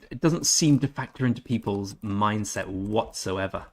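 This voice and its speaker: Speaking at a fairly low pitch with lively intonation, a man streams a game and chats casually with viewers. He voices their messages, answers back, and stumbles over German phrases.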